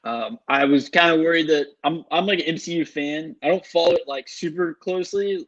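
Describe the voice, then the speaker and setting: A young man co-hosting a sports podcast, excitable and rambling, full of "like" and "um". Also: fairly high pitch, fairly quick. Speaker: podcast co-host. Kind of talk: casual sports podcast chat. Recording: dull lo-fi mic.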